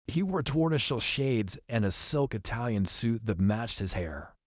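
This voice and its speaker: A man narrating an audiobook in the first person, in a steady, descriptive storytelling manner. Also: mid-range voice, normal speed, dry recording, studio quality.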